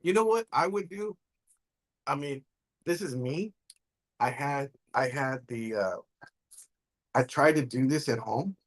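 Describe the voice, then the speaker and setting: A man's voice: mid-range voice, unhurried, long pauses. A man hosting a live show, chatting casually and eagerly tasting tacos with lots of appreciative murmurs. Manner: enthusiastic, savoring food with lots of mm sounds. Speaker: show host.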